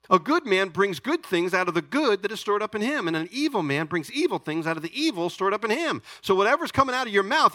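A man's voice: high voice, dry recording. A middle-aged man preaching a sermon as pastor, calling out to his congregation and asking for an amen. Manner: animated preaching, calls to the congregation. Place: church sanctuary.

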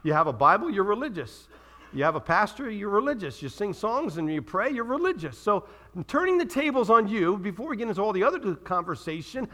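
A middle-aged pastor preaches with lively, conversational energy, often asking his listeners questions. His voice sits high for a man. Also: brisk. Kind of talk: sermon.

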